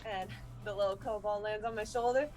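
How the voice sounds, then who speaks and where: A woman playing a tabletop game, talking casually, often laughing and thinking out loud. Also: medium pitch, steady tone, a little fast, soft background music. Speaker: player.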